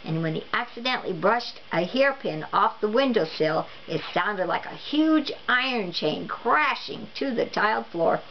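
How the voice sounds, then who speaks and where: A woman reading a children's storybook aloud with even, expressive narration. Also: mid-range voice. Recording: dull lo-fi recording with faint noise.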